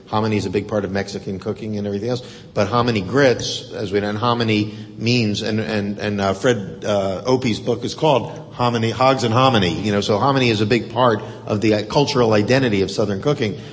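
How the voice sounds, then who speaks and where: Low-voiced man hosting in a hall. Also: fast talker. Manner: rambling, thoughtful, many restarts. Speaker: radio talk show host. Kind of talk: hosting a live audience discussion. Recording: reverberant hall with faint rumble.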